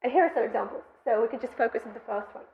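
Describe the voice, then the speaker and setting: Woman, young adult, graduate student, conference lecture, methodical, slightly raised pitch, dull muffled recording. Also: rapid-fire. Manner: methodical, explanatory delivery. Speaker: graduate student presenting research.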